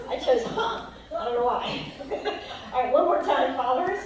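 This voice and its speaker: Woman dance teacher, bright and upbeat, counting beats in an echoey hall from far off. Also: on the high side, lively intonation, moderate pace, hardly any pauses, a little hiss or hum. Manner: upbeat, chanting counts to music. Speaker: dance instructor. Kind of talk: live dance class teaching.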